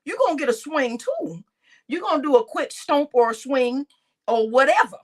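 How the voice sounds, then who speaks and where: A woman vlogger giving casual commentary, telling stories in a slangy, animated way and often breaking into laughter. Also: high voice, normal speed. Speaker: vlogger reacting to news.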